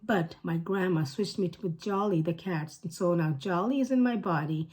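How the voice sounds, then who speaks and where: A woman's voice: fairly low pitch, normal speed, a little mellow, natural voice. A woman reading a storybook aloud, voicing a young girl trapped in a cat's body, earnest and a little unsure.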